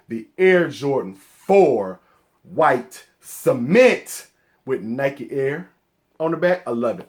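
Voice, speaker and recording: A man from Atlanta with a Southern accent, casually counting down his favorite sneakers in a relaxed vlog and tagging "man" onto his lines with excited bursts. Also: on the high side. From Atlanta, Georgia. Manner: laid-back, peppers sentences with "man", excited bursts. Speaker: sneaker vlogger.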